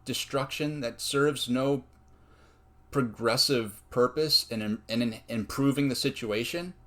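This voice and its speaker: Man, personal commentary, slow and deliberate delivery, earnest, mid-range voice. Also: mid-range voice, a bit bright. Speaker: video essayist.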